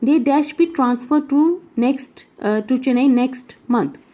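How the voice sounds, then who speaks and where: A woman with an Indian English accent leads a grammar lesson, reading out exercises and explaining them patiently step by step. Her voice is a little high yet warm and mellow, and she keeps checking that her students follow along. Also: slow pace. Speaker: English teacher.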